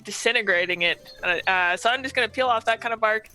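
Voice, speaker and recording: Bright-voiced woman, hesitant player. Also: a little high, fast, faint music behind. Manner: hesitant, full of fillers. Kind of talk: casual tabletop play.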